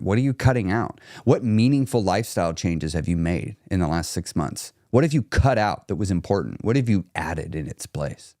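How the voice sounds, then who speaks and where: A man's voice: on the low side, darkish tone, no room sound, studio quality. Blunt man firing off coaching questions. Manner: blunt, challenging, rapid-fire questions. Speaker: weight-loss coach. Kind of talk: direct coaching talk to a viewer.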